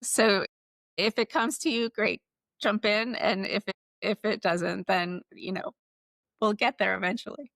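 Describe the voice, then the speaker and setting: A woman podcast host in a conversational interview, thoughtful and measured, speaking with pauses. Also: mid-range voice, steady tone, vocal fry, fairly bright tone, no room sound, clean studio sound.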